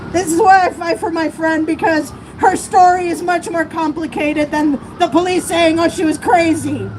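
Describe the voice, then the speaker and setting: A woman's voice: extremely high pitch, steady tone, moderate pace. A woman giving an impassioned, emotional speech at an outdoor protest, her voice breaking at times. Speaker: speaker at a protest rally. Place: outdoors on a city street. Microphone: streamer's camera mic among the crowd. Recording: live street stream with crowd and traffic noise. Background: crowd and passing traffic.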